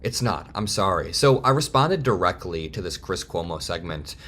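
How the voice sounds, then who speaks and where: A man in his twenties giving heated, fast political commentary straight to camera. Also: low-pitched, lively intonation, fairly bright tone. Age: 20s. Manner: heated, fast, worked-up ranting.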